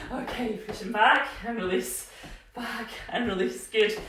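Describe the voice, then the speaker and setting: A woman's voice: on the high side, a bit bright. A woman fitness instructor leading a live workout class at home, chatty and encouraging, a little out of breath as she exercises along. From Scotland. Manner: encouraging, chatty, cues movements with frequent "yeah?". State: slightly out of breath while exercising. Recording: very echoey room, voice from a distance.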